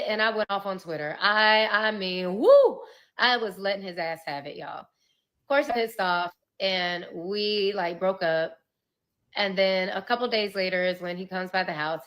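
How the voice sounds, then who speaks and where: Woman, lowish pitch, candid storytelling, emotional, swears, nervous laughs. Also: fairly bright tone. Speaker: vlogger telling her own story.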